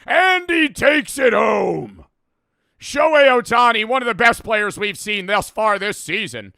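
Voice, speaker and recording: A man putting on the voice of a loud, old-time sports announcer, stretching out his play calls. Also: high-pitched, expressive, measured pace, creaky, no room sound, studio quality, voice pushed up, full character voice. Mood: booming.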